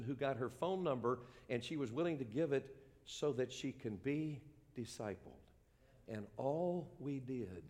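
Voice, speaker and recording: Older preacher in an echoing church hall. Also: male voice, medium pitch. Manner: earnest preaching, swings from hushed to ringing. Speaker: pastor. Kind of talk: sermon.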